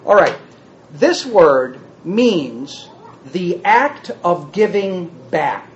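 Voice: mid-range voice, lively intonation, extremely slow, slight background noise. Preacher in a roomy hall, dull sound. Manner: asks the listeners many rhetorical questions; plays with word meanings in a teacherly way. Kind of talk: sermon teaching on a psalm.

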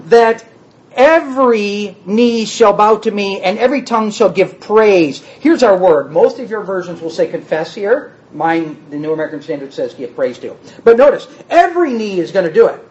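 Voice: mid-range voice, darkish tone, highs cut off. A Bible teacher giving a word-study lesson, reading verses aloud and then restating them in plain words.

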